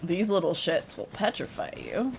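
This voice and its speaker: A woman's voice: lowish voice, wildly swooping pitch, normal speed, gravelly, darkish tone, a little hiss or hum. A woman streaming a video game, giving chatty, emotional, joking commentary. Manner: chatty, emotional, jokey reactions. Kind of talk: casual gameplay commentary.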